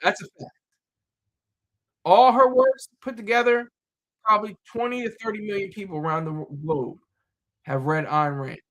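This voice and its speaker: A man's voice: high-pitched, moderate pace, pauses often, fairly bright tone. A man talking in a loose, rambling monologue, full of fillers, repeated words and restarts.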